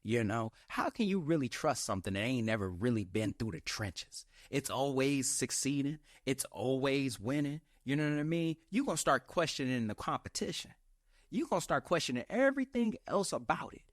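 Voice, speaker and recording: Animated young man preaching self-help. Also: mid-range voice, normal speed, dry recording, studio quality. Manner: animated, preachy, slangy, acts out his inner voice. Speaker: podcast host. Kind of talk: motivational solo podcast talk.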